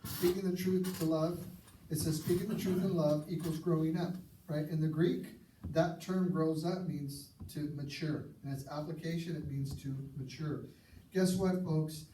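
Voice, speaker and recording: A man preaching a sermon, earnest and conversational, sometimes dropping his voice low for emphasis. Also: steady tone, normal speed, warm tone. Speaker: pastor. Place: church sanctuary. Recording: echoey church hall, mic at a distance, faint hiss.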